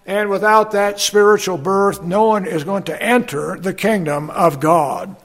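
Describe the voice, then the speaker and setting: His voice sits high and creaky as this pastor takes his time through a sermon. Reading scripture aloud, he drops in fillers and folksy asides.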